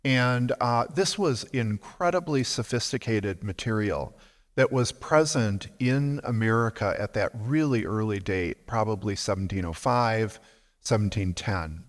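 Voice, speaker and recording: A male collector speaking on a panel, measured and explanatory, stopping to explain terms. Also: on the low side. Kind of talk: panel discussion. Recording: long reverb of a large hall.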